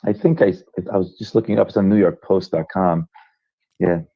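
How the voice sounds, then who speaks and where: A man, a coach, chatting in a mellow, laid-back way as a guest on a podcast. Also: low voice, fairly even intonation, moderate pace, creaky, lo-fi sound. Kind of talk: casual chat.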